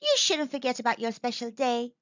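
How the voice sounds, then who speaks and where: A woman's voice: a little high, animated, fairly quick, a bit bright, dry recording. Beatrix, a woman doing an eager young bee. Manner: eager, hopeful, shy at times. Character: cheerful young female birthday bee. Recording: dull dry recording.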